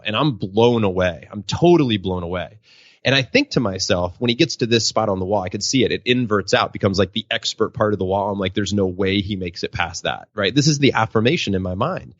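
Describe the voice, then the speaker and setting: A man with a voice on the low side speaks a little fast as he shares personal stories during a podcast interview, where he's a guest and professional speaker. He gets animated, raising his voice to act out quotes, in a dry, muffled recording.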